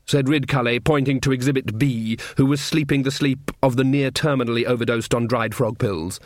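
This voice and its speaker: A man narrating a comic fantasy audiobook with expressive, playful storytelling. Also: medium pitch, fairly quick, no echo, clean studio sound. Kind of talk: scripted narration.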